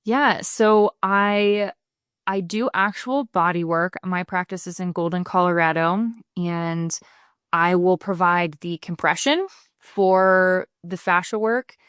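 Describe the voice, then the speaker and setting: A woman's voice: lowish voice, takes it slowly, clear, resonant tone, dry recording, studio quality. A woman speaking as a podcast guest, explaining her bodywork practice in an earnest, casual way and acting out the people she quotes. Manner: earnest, explanatory, animated when quoting people. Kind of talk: casual interview talk.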